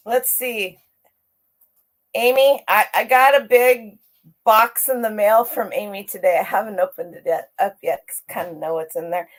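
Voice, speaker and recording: A woman's voice: medium pitch, moderate pace. A middle-aged woman hosting a casual livestream, chatty and upbeat as she greets viewers by name. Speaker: livestream host greeting chat.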